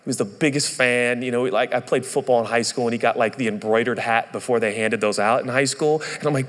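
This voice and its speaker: A man's voice: mid-range voice, fairly quick, in a large hall. A man in his thirties, a pastor, telling a candid, self-deprecating story in a sermon.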